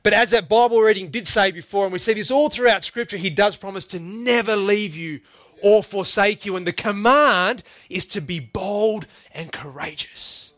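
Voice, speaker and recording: Earnest man preaching, high-pitched. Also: moderate pace, fairly bright tone, no room sound. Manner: earnest, emphatic, addresses listeners as "folks". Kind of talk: sermon.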